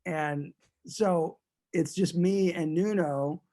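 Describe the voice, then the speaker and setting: Speaking slowly, a man with a voice pitched slightly high for a male tells a story while a guest in a laid-back interview. He wanders through it, sounding amused and frequently starting sentences over.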